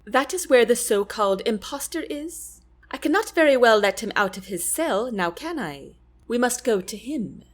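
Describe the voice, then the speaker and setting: A woman's voice: a little high, big pitch swings, normal speed. A formal young queen, as a woman reads her. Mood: brisk. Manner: formal, regal speech. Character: commanding young female queen.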